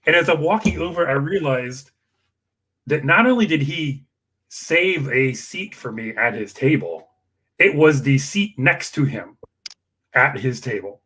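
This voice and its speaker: A man telling a long personal anecdote in an emotional, animated way, acting out the people in it. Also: medium pitch, a little slow, husky. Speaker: campaign worker guest. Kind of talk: storytelling anecdote.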